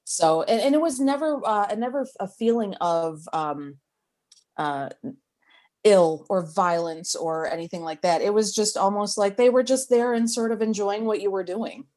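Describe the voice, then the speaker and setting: A woman's voice: medium pitch, moderate pace, a little mellow. A woman being interviewed, telling her story in a chatty, hesitant way with frequent restarts. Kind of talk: casual oral history interview.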